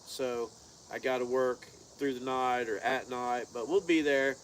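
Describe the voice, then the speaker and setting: Unhurried and steady in tone, this medium-pitched co-host of a car-build channel rambles in a folksy drawl during a casual live chat. Insects buzz faintly outdoors in the background.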